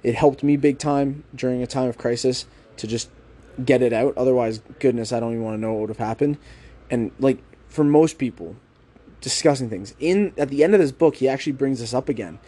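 This young man hosts a podcast, his mid-range voice carrying a dark tone as he discusses a book in a relaxed solo monologue. Working his intonation up and down on purpose to hold attention, he drops in "like" as filler and poses rhetorical questions.

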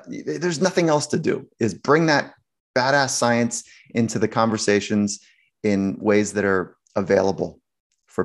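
Gravelly low-voiced man telling stories. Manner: animated, acts out quoted voices, laughs often. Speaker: sports psychologist guest. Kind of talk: anecdotal storytelling in conversation.

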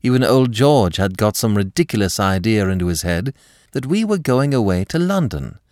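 A man voicing an anxious, restless young wife in an audiobook reading, raising his voice higher and speaking quickly. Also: sing-song, a little mellow, no echo, clean studio sound. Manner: nervy, quick, higher pitched.

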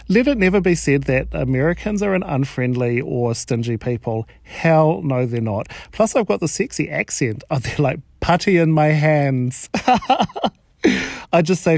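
Camp gravelly New Zealand man. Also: a little high, no echo, studio quality. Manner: camp, animated, swearing freely. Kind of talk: stand-up style comic storytelling.

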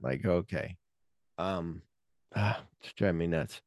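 Rambling low-voiced man on a podcast. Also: measured pace, dark tone, clean tone, no echo, clean studio sound. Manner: rambling, searching for names with many fillers. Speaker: podcast co-host. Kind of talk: casual film podcast chat.

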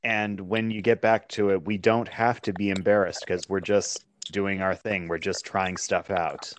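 A man with a very low, deep voice hosts a relaxed podcast conversation, tossing easygoing questions to his guest. A faint hiss of noise sits under his voice. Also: a little slow. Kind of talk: casual podcast chat.

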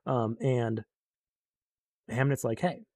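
A man's voice: lowish voice, fairly even intonation, moderate pace, mellow, husky. A young man casually recapping a book in a rambling way, full of fillers, and briefly acting out the characters he quotes.

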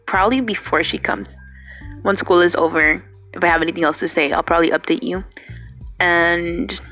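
A woman's voice: medium pitch, fairly bright tone. A young woman recording a personal video message to her partner, rambling and swearing freely, with Spanish words mixed in. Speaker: vlogger addressing her partner.

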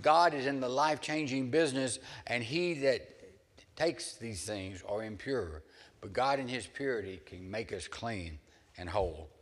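A man's voice: medium pitch, expressive, measured pace. A male pastor delivers an earnest sermon, lifting his voice for dramatic scripture readings. His voice is in the middle range for a man. The sound carries a long reverb, as in a church sanctuary.

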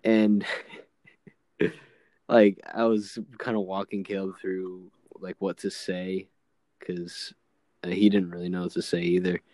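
Young man chatting with a deep voice. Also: slow pace, pauses often, no echo. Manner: laughs often, relaxed rambling. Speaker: co-host. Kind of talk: casual podcast chat.

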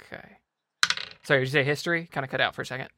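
A man's voice: medium pitch, steady tone, very fast, background noise. A man playing in a casual tabletop role-playing game, talking in an easygoing way. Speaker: player.

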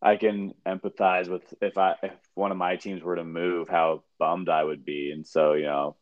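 A man with a very low voice explains things patiently on a casual sports podcast and asks follow-up questions. His recording sounds slightly dull and lo-fi. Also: little pitch movement, normal speed. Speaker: podcast co-host.

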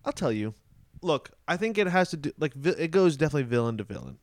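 A man's voice: a little high, sing-song, fast talker, dry recording, studio quality. A man co-hosting a comedy podcast, teasing his partner, laughing often and arguing playfully. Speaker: podcast co-host. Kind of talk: casual comedic chat.

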